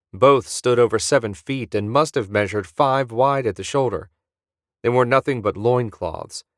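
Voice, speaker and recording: A man narrating a science-fiction audiobook in a steady storytelling manner on a close mic. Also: lowish voice, no room sound.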